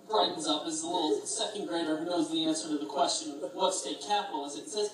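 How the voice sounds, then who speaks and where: A man's voice: fairly high pitch, fairly quick, few pauses, background noise. A young man gives a best man's toast at a wedding reception, rambling through anecdotes and chuckling at his own jokes. He is picked up from far off in a very echoey hall.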